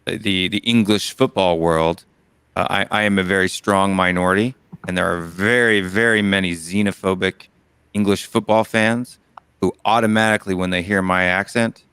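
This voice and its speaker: A man's voice: deep voice, steady tone, normal speed, a bit bright, clean tone, no room sound. A man with an American Southern accent, co-hosting a casual debate chat and making his case earnestly with many restarts.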